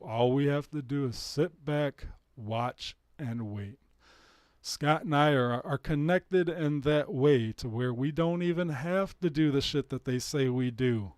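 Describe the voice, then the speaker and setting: A man at an everyday middle pitch rants to his live stream viewers in a loose, casual way. He swears freely and throws in short laughs, and his voice sounds dry and close with no room around it. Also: measured pace, a little mellow, no room sound. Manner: profane, blunt, laughing asides.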